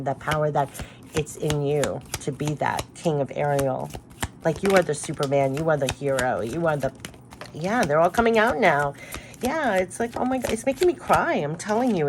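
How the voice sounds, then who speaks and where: A woman with a low voice gives a spiritual tarot card reading, speaking earnestly and emotionally while rambling and often restarting. There's slight background noise.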